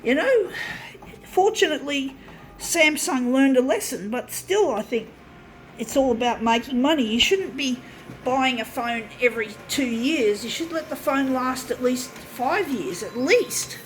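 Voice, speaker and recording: Exasperated and swearing, a woman vlogger sighs through an angry rant to camera, her high voice lively in intonation and a little slow. A camera mic resting nearby picks her up indoors next to an office copier, giving a rough recording with a little hiss or hum.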